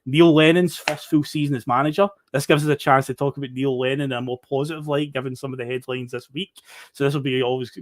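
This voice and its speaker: A man's voice: a little high, dry recording, clean studio sound. A Scottish man hosting a football podcast, chatty and upbeat, often laughing. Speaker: podcast host. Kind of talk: casual football podcast chat.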